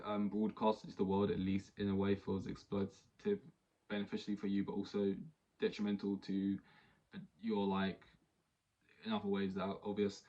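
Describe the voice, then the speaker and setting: Rambling young man, low voice. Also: darkish tone. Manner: rambling, many fillers and restarts. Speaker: podcast host. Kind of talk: solo casual podcast monologue. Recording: dull lo-fi recording.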